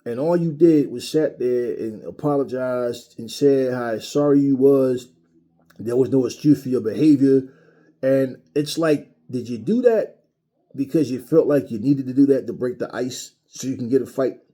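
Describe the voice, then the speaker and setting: Angry, husky-voiced man ranting. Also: mid-range voice, moderate pace, dark tone. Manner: angry, profane, mocking. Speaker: boxing commentary channel host. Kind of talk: heated opinion rant.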